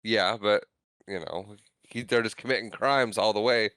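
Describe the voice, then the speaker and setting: A man's voice: lowish voice, fairly even intonation, normal speed, a bit bright, clear, resonant tone, dry recording. A man co-hosting a film podcast, dropping wry, joking remarks into the recap. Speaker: podcast co-host. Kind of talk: casual film chat.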